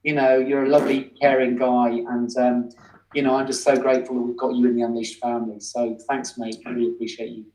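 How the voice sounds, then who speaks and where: A man hosting an interview, warm and effusive, chatting casually with his guest. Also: mid-range voice, flat delivery, fast. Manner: warm, effusive praise, calls guest "mate". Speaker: host. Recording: echoey, distant sound.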